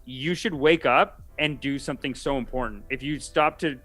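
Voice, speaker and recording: A man's voice: mid-range voice, a bit bright, soft background music. A young man co-hosting a casual podcast, joking around and doing impressions. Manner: quick, jokey, does impressions. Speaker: podcast co-host. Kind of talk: casual chat.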